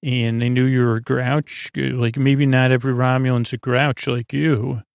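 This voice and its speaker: Gravelly man casually recapping, flat delivery. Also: medium pitch, no echo. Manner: loose, halting, many fillers, quotes characters in plain voice. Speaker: podcast host recapping an episode.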